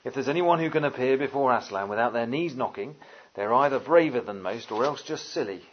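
A man's voice: mid-range voice, expressive, brisk, muffled recording, slight background noise, natural voice. A man doing a motherly, homely lady beaver.

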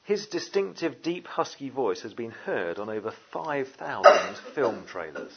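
A man preaching a sermon, lively and conversational, with jokey asides and many fillers. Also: medium pitch, measured pace, vocal fry, highs cut off, slight background noise. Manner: animated, jokey asides, frequent "uh" and "you know".

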